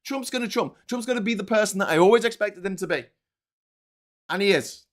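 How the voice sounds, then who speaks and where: Hosting a live political stream, a man with a Liverpool accent rants angrily in a voice that sits high and moves a little fast. He swears heavily and fires off rhetorical questions.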